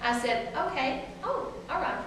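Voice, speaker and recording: A woman in her forties with a Southern US accent, an author, tells chatty, laughing stories to a live audience, calling the crowd "y'all." Her voice is high-pitched and a little slow, and she's animated throughout. The recording is noisy, with an echoey room and a distant mic.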